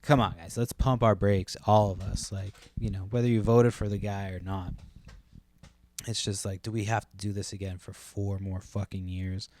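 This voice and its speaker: A man's voice: fairly low pitch, little pitch movement, moderate pace, a little mellow, dry recording. A man, rambling casually and profanely as a solo podcast host, full of fillers.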